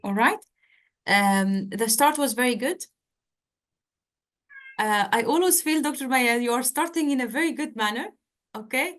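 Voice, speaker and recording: A woman tutor speaking over a video call with a fairly high voice. She gives direct feedback and keeps checking in with "okay?" and "all right?". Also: lively intonation, unhurried, long pauses, fairly bright tone. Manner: direct, coaching, repeats points with "okay?". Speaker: medical exam tutor. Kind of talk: online feedback session.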